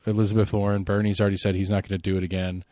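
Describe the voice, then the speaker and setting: A man hosting a solo podcast, giving rambling, opinionated political commentary and thinking out loud. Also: fairly low pitch, flat delivery, rapid-fire, no echo, clean studio sound. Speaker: podcast host.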